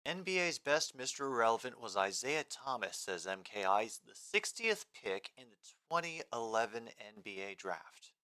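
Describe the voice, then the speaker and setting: A man's voice: medium pitch, sing-song, normal speed, few pauses, bright, forceful tone. A man hosting a casual live sports stream, rambling between game commentary and replies to chat comments.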